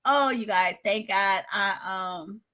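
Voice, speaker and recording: A middle-aged woman hosting a home livestream, commenting dramatically with loud exclamations and laughter, then dropping to a hush. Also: mid-range voice, slow pace. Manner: dramatic, exclaims and laughs loudly, swings from shouting to hushed. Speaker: livestream host covering a trial. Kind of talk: excitable live commentary. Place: home studio in a spare bedroom.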